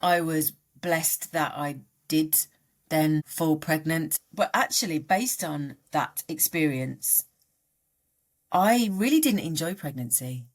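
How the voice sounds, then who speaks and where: Casting: middle-aged woman, low voice, lively delivery, open podcast guest. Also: takes it slowly. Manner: animated, voice jumping up and down in pitch. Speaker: guest coach. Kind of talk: candid podcast conversation.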